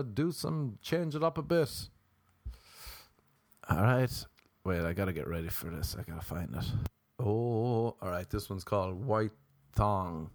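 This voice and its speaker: Hungover Irish man, low voice, rambling jokes. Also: a little mellow, no room sound. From Ireland. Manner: jokey, rambling, self-mocking asides. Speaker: podcast host. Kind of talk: rambling comedic monologue, reading a joke erotic poem.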